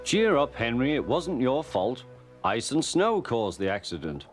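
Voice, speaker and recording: A man's voice: mid-range voice, big pitch swings, a little slow, faint music behind, voice pushed up. A man voicing a pompous, fussy male railway boss in a storybook reading, stern and blustering. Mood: brisk.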